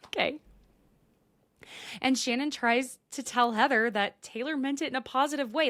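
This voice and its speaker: A woman's voice: high voice, moderate pace, pauses often, fairly bright tone, no room sound. A young adult woman hosting a podcast, recapping in a casual, dramatic way and dropping into whispered asides. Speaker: podcast host.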